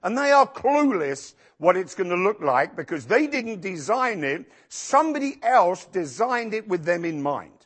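A male pastor preaching a sermon in a church, acting out quotes with sudden shouts. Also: sits high, measured pace, hardly any pauses, breathy edge. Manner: animated, acts out quotes with shouts.

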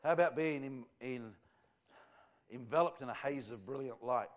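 A man's voice: mid-range voice, quick pace. A man preaching a revival sermon to a church congregation, fervent and rambling in a conversational way. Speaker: visiting evangelist.

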